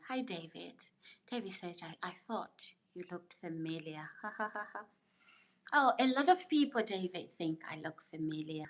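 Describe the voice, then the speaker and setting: A middle-aged woman hosts a casual live stream, her voice slow and low-set. She's chatty, laughs often, and muses aloud while reading viewer comments.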